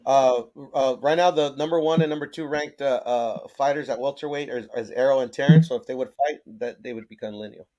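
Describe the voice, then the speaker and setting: A man's voice: mid-range voice, brisk, few pauses, mellow, lo-fi sound. A man co-hosting a boxing talk show, talking in a laid-back, casual way, swearing often and calling others "bro". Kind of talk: casual chat.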